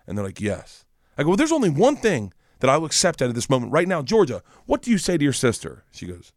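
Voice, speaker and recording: A man in his forties chatting casually, telling animated stories and acting out the voices in them. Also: fast talker, no echo, clean studio sound. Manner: animated storyteller, acts out quotes with rising pitch. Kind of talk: casual chat.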